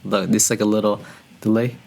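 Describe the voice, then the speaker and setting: Gravelly-voiced man reacting excitedly. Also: fast talker. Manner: excitable, slangy, talks to viewers as "bro"; breaks into excited high exclamations. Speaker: music reaction host. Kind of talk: casual reaction commentary.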